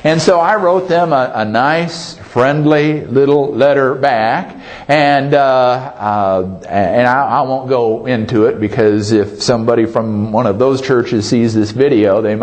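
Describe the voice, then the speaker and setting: A man's voice: medium pitch, a little slow, a little mellow. A male pastor preaching a sermon in a folksy way, often asking the congregation "Amen?" and joking at his own expense. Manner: self-deprecating humor.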